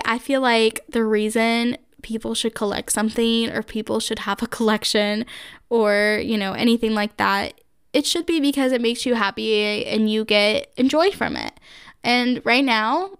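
A woman's voice: fairly high pitch, normal speed, smooth, dry recording, studio quality. Chatty young woman podcast host. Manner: chatty, gushing, heavy use of like and um. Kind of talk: casual solo podcast chat.

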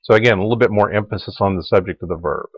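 A man giving a recorded Latin lecture, explaining grammar in a relaxed way and repeating word forms aloud. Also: on the low side, very fast, slightly rough, muffled recording. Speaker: Latin teacher.

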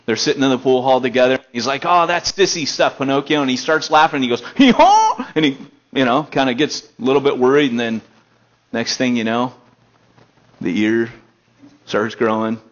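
A young American man preaching a casual storytelling sermon, animated, with loud excited bursts and quiet stretches. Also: medium pitch, brisk, long pauses. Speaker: pastor. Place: elementary school meeting room. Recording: dull lo-fi sermon recording.

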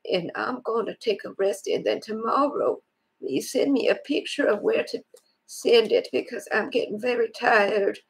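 A woman voicing a lonely, soft-hearted grandmother in a phone prank, rambling and stammering with a creaky, husky old voice. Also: mid-range voice, full character voice, low-quality recording. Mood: upset. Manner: rambling, stammering, fond of detail. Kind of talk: scam-baiting phone prank.

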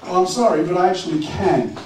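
A man's voice: high-pitched, expressive, brisk, darkish tone. A middle-aged man preaching a sermon as pastor, talking plainly and putting questions to the congregation. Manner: conversational, direct, asks the congregation questions. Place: church hall. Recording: echoey church room from far off, faint noise.

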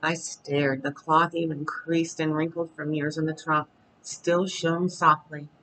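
A storyteller reading a chapter book aloud at bedtime in a calm, steady voice. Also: medium pitch, measured pace, low-quality recording.

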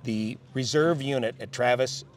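Older man telling pilot stories, measured. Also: medium pitch. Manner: reflective, measured, with restarts. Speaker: interview guest, airline pilot. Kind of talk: relaxed storytelling.

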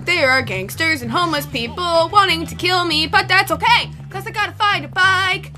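A woman's voice: extremely high pitch, lively intonation, normal speed, sharp tone, soft background music. A woman casually commenting on a video game as she plays, joking and chatty. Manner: playful, jokey, chatty, laughs a lot. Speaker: gameplay video host.

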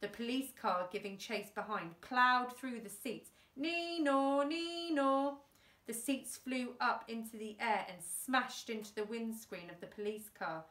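Animated woman teacher reading aloud, roomy. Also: mid-range voice, a little slow, hardly any pauses. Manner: animated, chatty asides. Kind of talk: children's book read aloud. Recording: roomy room, distant mic.

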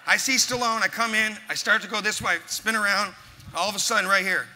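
A man's voice: high-pitched, steady tone, brisk, pushed and bright. A man giving a motivational speech at an event, telling a punchy story and driving his points home with force. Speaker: motivational speaker. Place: large event hall. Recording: echoey hall, faint crowd ambience.

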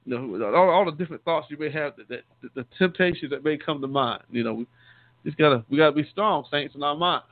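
Speaking quickly in a slightly high voice, a deacon gives a sermon in a conversational manner, calling his hearers saints and repeatedly restarting and repeating words. The recording is dry, echo-free, and tinny, as if over a phone line.

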